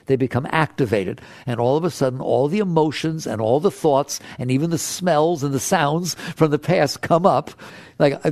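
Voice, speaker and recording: An older man and spiritual teacher who gives an animated, conversational talk to a live audience, asks them questions and acts out inner voices. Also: fairly high pitch, gravelly, no echo, studio quality.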